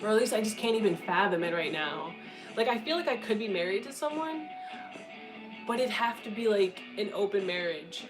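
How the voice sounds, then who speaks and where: A young woman in her twenties talks in a loose, candid chat, blunt and full of swearing, laughing often between lines. Her voice sits mid-range for a woman. Guitar music plays clearly underneath. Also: medium pitch, animated, a little fast, low-quality recording. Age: 20s. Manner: blunt, profane, frequent laughter. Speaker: content creator answering questions.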